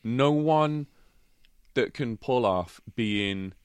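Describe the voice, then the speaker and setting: A man's voice: mid-range voice, animated, very slow, smooth, no room sound. A British man co-hosting a podcast in casual chat, emphatic, profane and enthusiastic. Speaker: podcast co-host.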